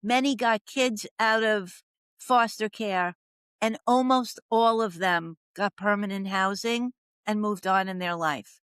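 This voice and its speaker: A woman's voice: medium pitch, slow, fairly bright tone, smooth, no room sound. An older woman telling her story as a podcast guest, dramatic, acting out the voices she quotes. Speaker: podcast guest, professional coach. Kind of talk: storytelling interview.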